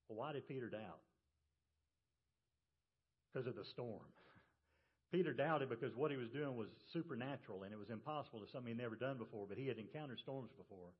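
A man preaching in a church service, telling the story in a relaxed, conversational way and dropping low and quiet on quoted lines. His voice sits at a middle pitch. The audio is slightly dull and lo-fi. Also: fairly quick, long pauses, breathy edge. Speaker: pastor. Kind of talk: sermon.

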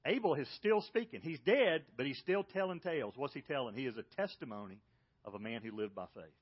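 Animated preacher with a dull recording. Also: male voice, mid-range voice, fairly quick, husky. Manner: animated preaching with rhetorical questions. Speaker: pastor. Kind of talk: sermon. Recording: dull lo-fi audio.

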